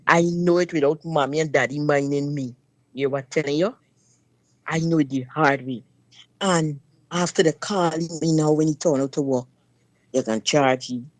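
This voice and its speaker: A woman recounts her own story in an emphatic, forthright way, often turning to address the listener directly. Her voice sits fairly low, and the recording is dry and close. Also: steady tone, normal speed, darkish tone, no echo. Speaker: guest sharing personal story. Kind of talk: personal testimony on a talk show.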